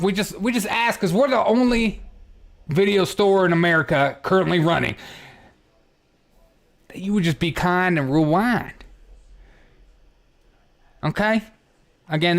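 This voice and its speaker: A man's voice: sits high, pitched above the performer's own voice. A man voicing an overly polite male video store clerk who leaves a rambling, fake-earnest prank voicemail.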